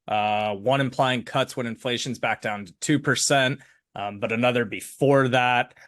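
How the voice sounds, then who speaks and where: A man's voice: medium pitch, fairly even intonation, moderate pace, a bit bright, no echo, clean studio sound. A man co-hosting an investing podcast, asking questions with hesitant fillers. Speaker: podcast co-host. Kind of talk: casual interview questions.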